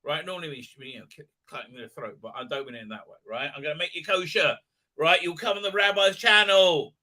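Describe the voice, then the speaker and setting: Rambling middle-aged man with bright voice. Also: fairly high pitch, fast. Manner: rambling, many fillers, jokey and blunt. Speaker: host. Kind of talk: casual live-stream commentary.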